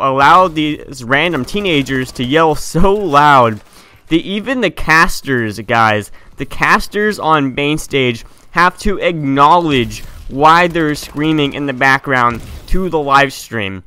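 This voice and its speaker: A teenage boy rants hotly in an opinion vlog, his voice bright and a touch higher than most. He talks in a clean, crisp tone, tripping over words and restarting sentences as he gets indignant. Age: teens. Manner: heated, indignant ranting with frequent restarts and stumbles. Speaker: gaming YouTuber.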